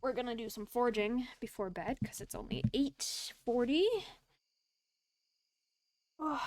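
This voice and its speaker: A woman's voice: a little high, animated, measured pace, long pauses, a little mellow, dry recording, studio quality. A woman streamer chatting casually while playing a farming game, rambling and laughing often, with the hiccups. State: has the hiccups. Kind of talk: casual gameplay chat.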